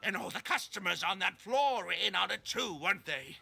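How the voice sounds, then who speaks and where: An actor playing a menacing male crook in a game, delivering slow, sneering threats. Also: sits high, expressive, gravelly, pushed and bright, husky, soft background music, full character voice. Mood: threatening. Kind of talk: game voice acting.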